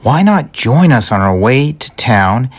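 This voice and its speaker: A man voicing a kind, cheerful female hedgehog in a storybook reading, raising his voice and pitch for her. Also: big pitch swings, a little slow. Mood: friendly, eager. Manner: eager, friendly, raised pitch.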